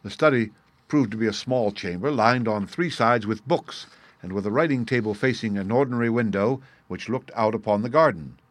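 A man's voice: fairly low pitch, brisk, no echo. Man narrating a story, dry close sound. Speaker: audiobook narrator. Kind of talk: scripted narration.

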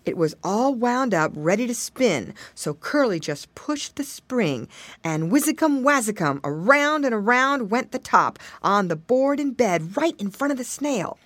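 Expressive woman reading a children's story. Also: a little high, measured pace, dry recording. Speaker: audiobook reader. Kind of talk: storybook narration.

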